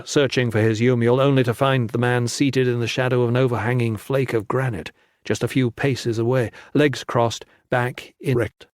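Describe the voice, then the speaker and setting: A man reading a fantasy audiobook in measured, even scripted narration. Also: mid-range voice, dry recording, studio quality.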